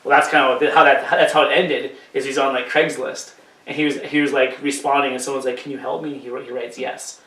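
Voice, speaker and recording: A man's voice: mid-range voice, flat delivery, fast talker, a bit bright, distant mic. A man co-hosting a podcast, telling stories in casual, profane, joking talk. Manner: profane, jokey storytelling with put-on voices. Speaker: podcast co-host. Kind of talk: casual chat. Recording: roomy, off-mic.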